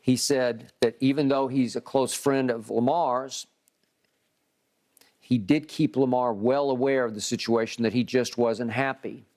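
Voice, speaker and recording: A man hosting a sports debate show, speaking in a measured, methodical way as he breaks down his argument. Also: medium pitch, steady tone, a little mellow. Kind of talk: sports debate, reading quotes.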